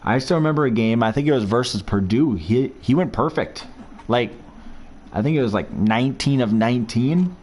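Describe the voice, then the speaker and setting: A man's voice: medium pitch, animated, moderate pace, a little mellow, a little hiss or hum. A man giving casual, rambling commentary while playing a football video game, reminiscing about past seasons as he goes.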